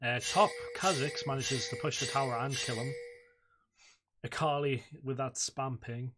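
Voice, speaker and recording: A young man in relaxed, casual commentary over his own gameplay, thinking aloud with plenty of "uh" and "like". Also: mid-range voice, measured pace, very noisy. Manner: relaxed, reflective, says "uh" and "like" often. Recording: loud game music behind voice. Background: loud game music and game announcer.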